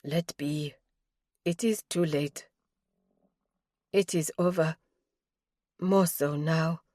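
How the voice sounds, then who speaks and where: A woman's voice: low-pitched, fairly even intonation, very slow, mellow, no room sound, studio quality, heavily acted. A woman voicing a distraught young woman accused of murder, pleading in a raised, breathless way. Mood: wary.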